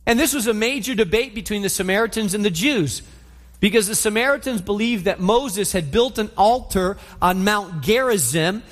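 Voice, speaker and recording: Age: adult. Role: pastor. Style: animated storytelling sermon. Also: male voice, high-pitched, normal speed. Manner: animated storytelling, acts out the scene. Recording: long hall reverb.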